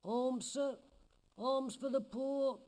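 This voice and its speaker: An actor voicing a sly, cheeky street beggar in a video game, with a whining, pleading cadge. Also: male voice, very high-pitched, slow, a little mellow. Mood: cadging.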